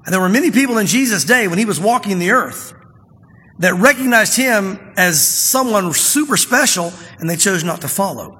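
High-voiced pastor in an echoing hall. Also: male voice, animated, pushed and bright, slightly rough. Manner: conversational preaching, reads scripture slowly and with emphasis. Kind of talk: sermon. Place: church sanctuary. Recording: long reverb of a church hall.

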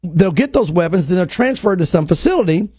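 A man, a pastor co-hosting a talk show, talks in animated bursts and acts out quotes. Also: sits high, a little fast, slightly rough, no room sound, studio quality. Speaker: pastor and co-host. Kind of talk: casual prophecy talk show.

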